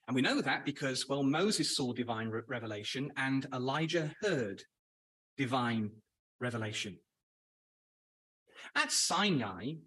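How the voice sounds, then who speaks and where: A man's voice: medium pitch, a bit bright, poor audio. A man preaching a sermon, addressing brothers and sisters and asking rhetorical questions. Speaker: Bible speaker.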